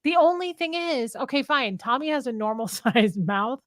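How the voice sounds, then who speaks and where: A woman's voice: high voice, lively intonation, moderate pace, a bit bright, no echo. Playful woman, dry close sound. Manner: playful, laughing, reads out viewer comments. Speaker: co-host. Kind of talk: casual couple's livestream chat.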